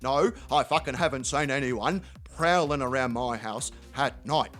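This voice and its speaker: A man voicing a grumbling middle-aged male neighbour who swears a lot and talks in a gruff, matter-of-fact way. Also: mid-range voice, normal speed, a bit bright, soft background music, pitched below the performer's own voice, natural voice.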